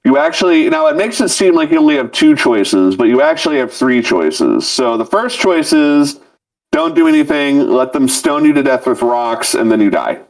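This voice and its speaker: A man's voice: mid-range voice, big pitch swings, normal speed, far from the mic, low-quality recording. A man co-hosting a casual podcast, talking loosely about a video game and swearing often. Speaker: podcast co-host.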